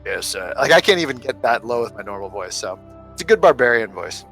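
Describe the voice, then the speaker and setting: Rambling, joking man with a lively voice. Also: medium pitch, quick pace, music in the background, low-quality recording. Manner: rambling, joking, often laughing. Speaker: tabletop game player. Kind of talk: casual chat between players.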